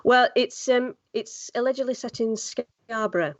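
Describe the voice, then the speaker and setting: A woman's voice: on the high side, unhurried, no echo, lo-fi sound. A woman voice actor chatting casually on a podcast, with many fillers. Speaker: guest voice actor.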